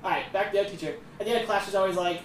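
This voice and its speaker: A man's voice: high voice, very fast. A young man co-hosting a casual chat podcast, rambling with many fillers and acting out quotes. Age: young adult. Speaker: co-host. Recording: roomy echo, distant mic, faint noise.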